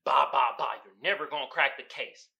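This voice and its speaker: A man voicing a taunting male serial killer suspect, speaking low and hushed with mocking taunts. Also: fairly quick, gravelly, dull audio.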